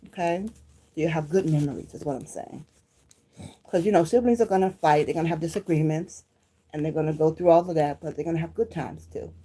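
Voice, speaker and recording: A woman from Detroit chats casually to her viewers. She speaks in a low, mellow voice and addresses them directly as she reminisces. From Detroit, Michigan. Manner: reminiscing, talks straight to viewers. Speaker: vlogger.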